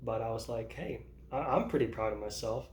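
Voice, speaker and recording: A man's voice: mid-range voice, brisk, darkish tone. Rambling man in his thirties, roomy sound. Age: 30s. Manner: rambling, self-interrupting, laughs at himself. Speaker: vlogger. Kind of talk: casual personal vlog. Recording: roomy echo.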